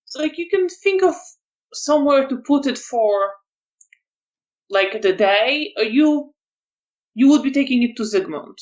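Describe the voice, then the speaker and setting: A woman's voice: sits high, lively intonation, unhurried, long pauses. A woman runs a tabletop game as its storyteller. She talks in an easygoing way and stops often on fillers. Her mic sounds dull and lo-fi.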